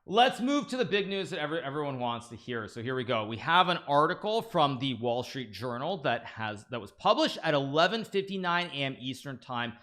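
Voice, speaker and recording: A man's voice: mid-range voice, brisk, few pauses. A man on a live stream reading a news article aloud to viewers and commenting casually, stumbling and restarting often with amused asides. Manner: animated, frequent restarts and stammers, amused asides.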